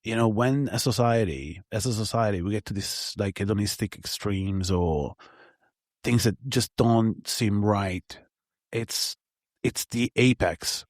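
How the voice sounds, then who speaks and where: A man co-hosting a film podcast in casual conversation, animated, laughing through his stories and swearing often. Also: lowish voice, measured pace, dry recording, clean studio sound.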